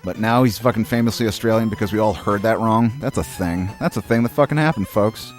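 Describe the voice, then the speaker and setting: A man's voice: on the low side, a little fast, faint music behind. A man from Maine in his thirties, hosting a retro game playthrough and rambling through casual, profane, wry commentary. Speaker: host. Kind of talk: casual let's-play commentary.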